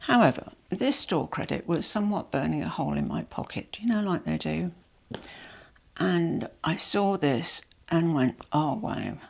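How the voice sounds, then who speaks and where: A woman's voice: on the low side, expressive, moderate pace, vocal fry, a little mellow. A woman with a cold and a nasal voice, a bit out of breath, chatting and rambling apologetically to camera at home. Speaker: vlogger. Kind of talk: casual unboxing chat. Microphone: small microphone.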